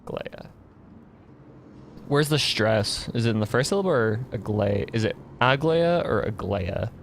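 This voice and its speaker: A man's voice: on the low side, moderate pace, a little hiss or hum. A male streamer in casual live game commentary who chats, muses aloud and repeats words while he works them out.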